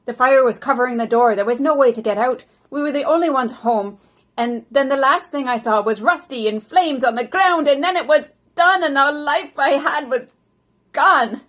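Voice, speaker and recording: A woman acting as a dead older man who narrates his life story in a first-person historical monologue, often dropping soft and slow. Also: sits high. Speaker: volunteer actor.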